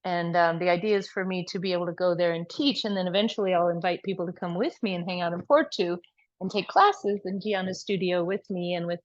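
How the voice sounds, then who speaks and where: A woman yoga teacher gently guiding a class and chatting with students on a video call. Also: fairly low pitch, no room sound. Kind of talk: yoga class instruction and chat. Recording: dull video call audio.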